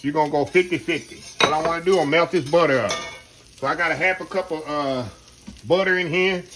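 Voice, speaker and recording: A middle-aged Texan hosts a casual home cooking demonstration, rambling in a folksy way and calling viewers "y'all." His voice is a little high and a little fast, with a noisy background.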